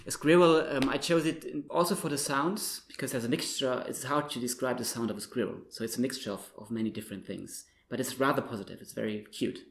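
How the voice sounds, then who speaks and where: A male linguistics researcher explaining his ideas thoughtfully in an interview, pausing with frequent fillers. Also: medium pitch, a little hiss or hum. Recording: roomy echo.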